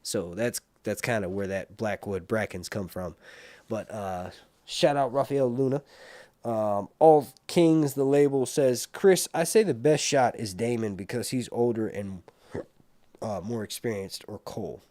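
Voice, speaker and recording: A man hosting a casual livestream, rambling and animated, with muttered asides to himself. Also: on the low side, measured pace, dry recording. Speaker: livestream host reviewing a TV series.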